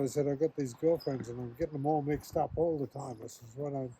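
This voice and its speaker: A man's voice: a little high, steady tone, normal speed, warm tone, slight background noise. An older man hosting a casual chat, reminiscing in a rambling way, restarting sentences and chuckling often. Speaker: host.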